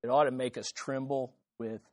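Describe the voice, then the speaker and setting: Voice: mid-range voice, fairly even intonation, normal speed, a little mellow, dry recording, clean studio sound. Emphatic preacher repeating key phrases. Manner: asks the listeners rhetorical questions. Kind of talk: sermon.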